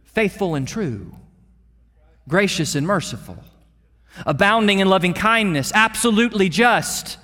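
A pastor delivering an earnest sermon, repeating words and dropping to a hush for emphasis. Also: male voice, high voice, animated, unhurried, pauses often, big-room sound. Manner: earnest, with repeated words and dramatic drops in volume.

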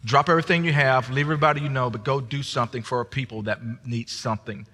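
A man preaching as a guest pastor, restarting his phrases and rising to shouts at the peaks. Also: mid-range voice, fairly even intonation, fast, in a large hall. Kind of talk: sermon.

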